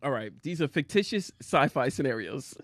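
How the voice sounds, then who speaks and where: A man's voice: medium pitch, big pitch swings, normal speed, no echo, clean studio sound. A man co-hosting a casual chat show, teasing his partner and laughing often. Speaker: podcast co-host.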